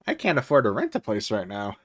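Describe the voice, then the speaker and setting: A man's voice: on the low side, wildly swooping pitch, quick pace, dry recording, clean studio sound. A man streaming from home, chatting casually and rambling, with frequent swearing and chuckles. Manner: rambling, profane, chuckles often. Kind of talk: casual livestream chat.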